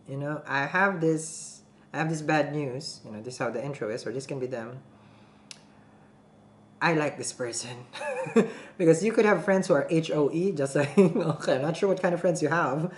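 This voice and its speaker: A woman's voice: low-pitched, a little mellow, echoey room. A woman doing a casual tarot reading, chatty and laughing often, checking in with her listeners as she goes. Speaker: tarot reader.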